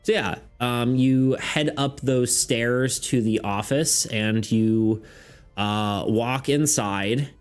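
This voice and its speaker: A man's voice: medium pitch, smooth. A man running a tabletop game on stream, describing scenes in a loose, rambling way and laughing often. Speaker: game master.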